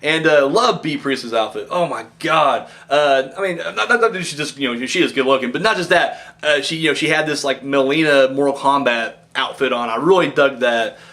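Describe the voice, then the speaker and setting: A man's voice: mid-range voice, a little fast, few pauses. A man giving a rambling, casual wrestling review, swearing often and acting out what the wrestlers said. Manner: rambling, animated, profane, acts out wrestlers' lines. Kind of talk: casual commentary.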